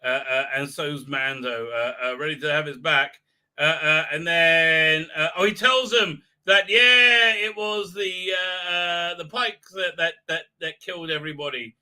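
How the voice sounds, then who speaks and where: A man with a very bright, ringing voice hosts a live stream and talks through a show, rambling with plenty of filler and mockery. His pitch sits a little high for a man, and he keeps breaking into goofy put-on voices. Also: fairly even intonation, moderate pace, hardly any pauses. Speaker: show host.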